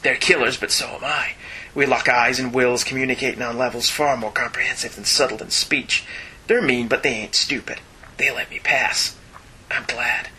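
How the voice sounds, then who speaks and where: A man reading a gruff tough male hero's hard-boiled inner monologue in a hushed, low, growly half-whisper. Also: steady tone, normal speed, slight background noise, poor audio. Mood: menacing, hushed. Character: gruff tough male loner mutant hero.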